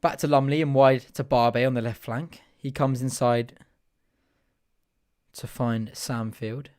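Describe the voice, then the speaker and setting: A young man hosting a live fan watch-along, giving chatty, partisan play-by-play that bursts into excited shouting at chances. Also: mid-range voice, unhurried, smooth, dry recording, studio quality.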